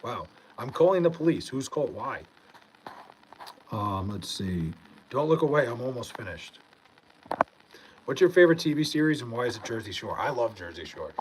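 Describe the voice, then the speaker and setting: A young man from Long Island, high and laid-back, reading comments aloud in a casual livestream and swearing freely. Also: very animated, moderate pace, long pauses, a little hiss or hum, low-quality recording. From Long Island, New York.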